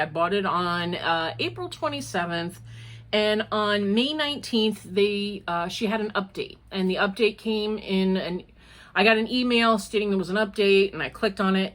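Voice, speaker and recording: A woman's voice: mid-range voice, a bit bright. An older woman, a grandmother, hosting a casual crochet vlog, chatty and rambling with frequent laughs. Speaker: crochet vlogger. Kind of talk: casual chat.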